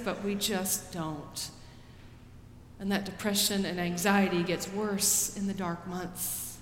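A woman pastor preaching a sermon in a slow, deliberate way, rising for quoted pleas and dropping soft after them. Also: a little high, a little hiss or hum. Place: church sanctuary. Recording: roomy church with long reverb.

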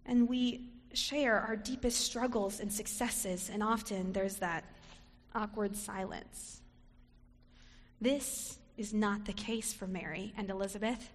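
A woman's voice: medium pitch, slow. A woman preacher giving a reflective sermon, sometimes acting out short quoted lines. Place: church sanctuary. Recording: long reverb of a sanctuary.

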